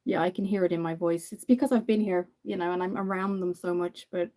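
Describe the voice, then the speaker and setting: Irish girl chatting away to viewers while doing makeup, warm mellow voice, lots of ums. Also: on the low side, steady tone, quick pace. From Ireland. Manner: chatty, answers viewer comments, many fillers. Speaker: makeup livestream host. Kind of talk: casual live chat while doing makeup.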